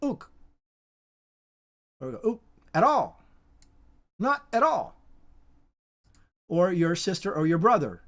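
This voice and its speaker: Halting, repetitive informal Bible teacher. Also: mid-range voice, sing-song. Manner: halting and repetitive, with frequent restarts and emphatic repetition.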